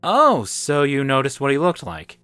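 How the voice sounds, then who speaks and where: A man's voice: medium pitch, huge pitch swings, normal speed, a bit bright, smooth, no echo, faint music behind, pitched above the performer's own voice. A man voicing a young boyfriend who teases in an amused way. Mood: teasing. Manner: teasing, amused.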